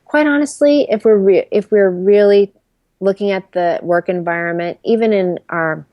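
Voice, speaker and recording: In a casual interview, a career strategist in her thirties speaks as a guest, candid and animated, acting out quotes in her stories. Her medium-pitched voice moves at normal speed, and the recording has no room sound but is muffled.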